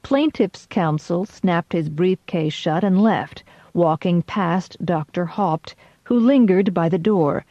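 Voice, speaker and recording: A woman reads a first-person audiobook in a wry, measured way, her voice low and her pace unhurried. The recording is dry with no room sound and slightly dull in the highs. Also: mellow, no room sound. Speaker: audiobook narrator.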